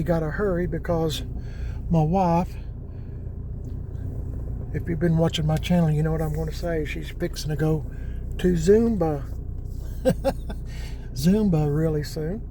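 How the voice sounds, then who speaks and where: Rambling older man with fillers. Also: a little high. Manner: rambling, folksy, with many fillers. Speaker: channel host. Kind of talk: casual vlog narration while moving cars. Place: outdoors in a yard, in and around cars. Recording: noisy outdoor recording with car sounds.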